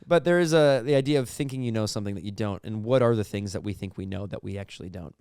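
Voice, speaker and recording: A man's voice: fairly low pitch, fast talker, clean tone, dry recording, clean studio sound. A man co-hosting a podcast, talking in a casual, rambling comedy chat and acting out little quotes as he goes. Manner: rambling, animated, acts out quotes. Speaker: podcast co-host.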